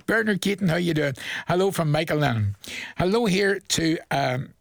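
Reading out shout-outs with chuckles between them, this Northern Irish radio presenter rambles in a chatty way on his request show. His slightly high voice has lively intonation and vocal fry, he takes his time, and there's no echo.

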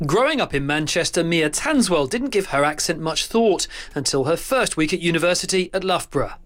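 Man reporting news, a bit high-pitched. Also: lively intonation, a bit bright. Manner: measured, clear delivery.

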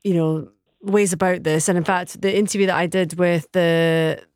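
A woman's voice: on the low side, steady tone, normal speed, darkish tone, smooth, no echo. Welsh female presenter, hesitant but accommodating with callers, dry studio sound. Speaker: radio presenter. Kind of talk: radio phone-in chat.

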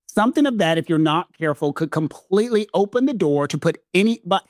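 A man from the American South with a Southern accent, co-hosting a casual legal discussion, animated and emphatic. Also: high voice, fast talker, no room sound, studio quality. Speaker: legal commentator co-host.

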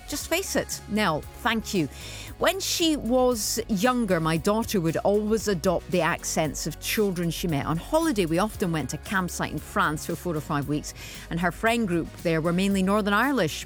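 A woman with a Yorkshire accent presenting a morning radio phone-in, chatty and reading out listener texts. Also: mid-range voice. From England. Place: radio studio. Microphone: studio microphone.

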